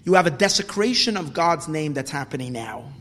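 A male religious teacher giving a sermon-style lecture, dramatic, swinging from loud exclamations to hushed whispers and repeating words. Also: on the high side, expressive, a little fast, a little hiss or hum. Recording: long hall reverb.

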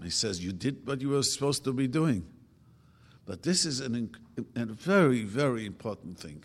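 An older man gives a relaxed, conversational religious talk. His voice carries a long hall reverb, and he voices quotes with sudden leaps up in pitch. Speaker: religious teacher.

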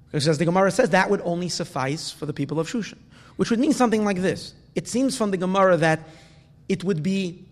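Halting man teaching Talmud. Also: a little high, in a large hall. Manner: halting, many restarts, rhetorical questions. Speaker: Torah teacher. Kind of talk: Talmud lesson.

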